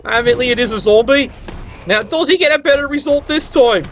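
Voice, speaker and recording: A man's voice: very high-pitched, a little fast, a bit bright, a little hiss or hum. A man doing casual play-by-play commentary on a fantasy sports match, wry and joking with a playfully biased slant. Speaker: game commentator. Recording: dull lo-fi recording.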